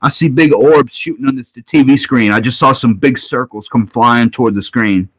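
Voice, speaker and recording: A man hosting a paranormal livestream who talks excitedly, repeats himself and questions the spirits. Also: mid-range voice, moderate pace, poor audio. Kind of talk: live stream commentary during spirit session. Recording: loud background noise.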